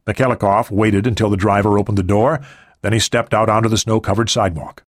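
A man narrating an audiobook in a steady, even storytelling voice. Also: fairly low pitch, quick pace, no echo, clean studio sound. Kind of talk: scripted narration.

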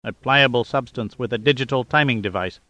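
A man reading a literal-minded robotic male inspector in flat, formal speech. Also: medium pitch, a little fast, no room sound, lo-fi sound, lightly acted.

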